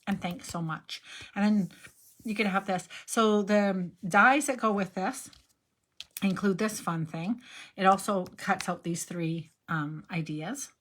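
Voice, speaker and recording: In a chatty crafting demonstration, an older woman makes cards while rambling and wandering off into personal anecdotes. She speaks slowly in a mid-range voice with a slightly bright tone.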